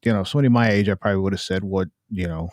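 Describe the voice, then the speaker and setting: A man's voice: low voice, rapid-fire, a little mellow, dry recording, clean studio sound. A man co-hosting a casual podcast chat, telling a personal story in an earnest, reflective way. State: in cancer treatment. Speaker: podcast co-host.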